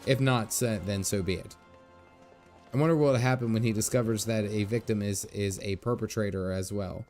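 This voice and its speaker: A man reading out a sneering, cool-headed game character in a lowered, hushed voice, stumbling over words. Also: steady tone, soft background music, lightly acted. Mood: sardonic. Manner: read aloud haltingly with stumbles, low and hushed.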